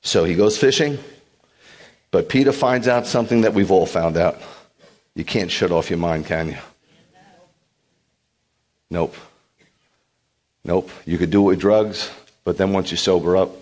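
A middle-aged man, a rabbi, preaching a sermon and retelling the story dramatically, acting out voices and dropping to a hush. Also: deep voice, measured pace, pauses often. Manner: dramatic retelling, acts out voices, shifts from loud to hushed.

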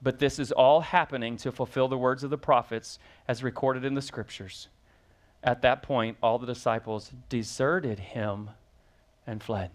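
A man's voice: mid-range voice, steady tone, normal speed. A man preaching as pastor, reading scripture aloud and then explaining it with rising emphasis and questions to the congregation. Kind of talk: sermon.

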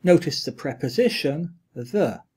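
A man reading a linguistics lecture aloud, with a deliberate, measured delivery of quoted examples and their glosses. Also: fairly high pitch, expressive, a little mellow, slightly rough.

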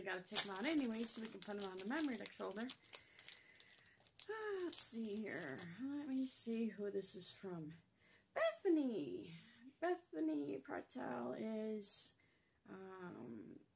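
Seated at a table at home, a female craft host talks casually while unboxing supplies, clearly thrilled with them. She's out of breath, her voice a little high with a darkish tone, and slight background noise can be heard.

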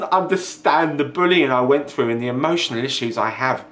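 A man's voice: medium pitch, sing-song, normal speed, few pauses, noisy background. A young man ranting angrily in a vlog, sweary and mocking, sounding exasperated. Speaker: video ranter. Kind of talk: angry vlog rant.

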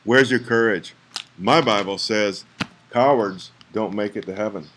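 A man's voice: on the low side, measured pace, a bit bright, a little hiss or hum. A man in a frustrated, preachy rant to his viewers, firing rhetorical questions and urging them to act. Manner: trails off into mutters, then rises to urgent pleas. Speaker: vlogger.

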